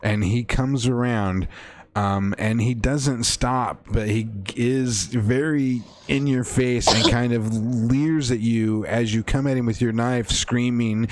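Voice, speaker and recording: A man acting as game master, slowly describing a horror scene in a tabletop game with frequent fillers. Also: medium pitch, steady tone.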